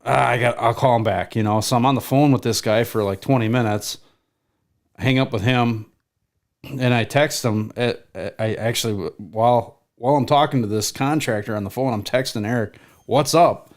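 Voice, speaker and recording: A man's voice: medium pitch, moderate pace. Male co-host, easygoing chat, dry quips. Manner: joking, wry asides. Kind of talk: casual chat.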